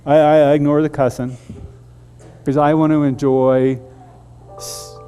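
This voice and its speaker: A man preaching a storytelling sermon as a pastor, animated and halting with frequent restarts. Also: a little high, clear, resonant tone.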